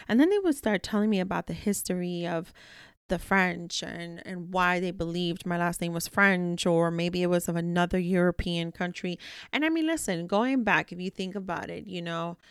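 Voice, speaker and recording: A woman's voice: lowish voice, normal speed, clean tone, dry recording, clean studio sound. A woman hosting her own podcast, talking candidly in a loose conversational way, swearing now and then and often tagging on "right?". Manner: swears casually when annoyed. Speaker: podcast host. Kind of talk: casual solo podcast monologue.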